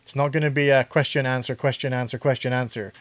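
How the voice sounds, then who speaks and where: A man from Canada co-hosting a casual podcast, enthusiastic and teasing, with quick agreements. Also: medium pitch, fairly even intonation, dry recording. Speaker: podcast co-host.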